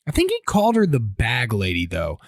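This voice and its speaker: A man's voice: medium pitch, slight background noise. Chatty man retelling sports ads. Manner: animated retelling of ad scenes with quick voice impressions and laughs. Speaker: podcast co-host. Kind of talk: casual chat.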